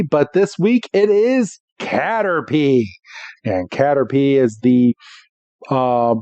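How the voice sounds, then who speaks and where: A man co-hosting a podcast, recapping a cartoon episode in an animated, laughing way. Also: fairly high pitch, dry recording, dull audio. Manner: animated, laughs between lines. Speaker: podcast co-host.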